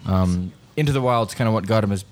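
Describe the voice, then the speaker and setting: A man's voice: fairly low pitch, quick pace, a little mellow. A man co-hosting a podcast from a diner table, chatting casually and correcting himself as he goes. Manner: rambling, self-correcting. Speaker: podcast co-host. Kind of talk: casual chat.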